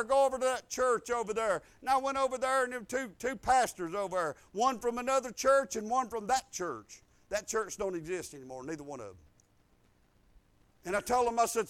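He has a smooth voice and preaches like a pastor, telling the story of his own testimony. Loud, emphatic moments give way to soft, low ones, and his casual speech is peppered with restarts.

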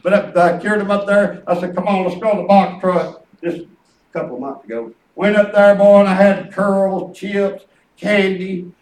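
An older man preaching a folksy sermon, telling family stories with chuckles and quoting his grandkids. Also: high-pitched. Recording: echoey room picked up from a distance.

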